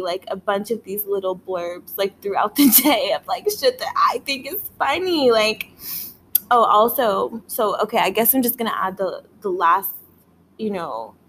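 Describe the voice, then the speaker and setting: A woman hosting a casual solo podcast, rambling with lots of filler words, swearing and frequent laughter while she is high. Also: fairly bright tone, a little hiss or hum. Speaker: podcast host.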